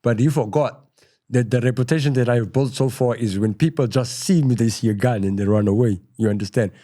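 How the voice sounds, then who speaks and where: A middle-aged South African man telling his story in a casual interview, rambling and full of "you know," going quieter at tense moments. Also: medium pitch, fairly quick. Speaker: podcast guest.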